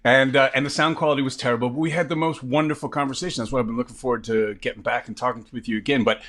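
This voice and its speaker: A man's voice: mid-range voice, steady tone, very fast, fairly bright tone. A man in casual interview chat, an actor guest talking expansively and with slightly theatrical wording, on a good microphone in a slightly reverby room over a video call. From New York. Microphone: professional microphone in a slightly reverby room.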